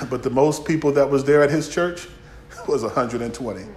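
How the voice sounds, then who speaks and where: A man preaching a folksy sermon, swinging from shouts to near-whispers. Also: medium pitch, normal speed, echoey room. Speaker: pastor.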